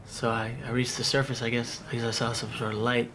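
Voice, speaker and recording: A man giving a personal testimony about surviving a suicide attempt, telling it in a halting, emotional way with many restarts. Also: mid-range voice, little pitch movement, background noise. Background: background music.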